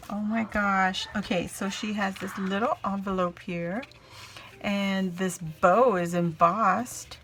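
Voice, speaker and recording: A woman's voice: mid-range voice, steady tone, takes it slowly, fairly bright tone. A woman vlogger chatting casually as she unboxes craft mail, gushing and exclaiming often.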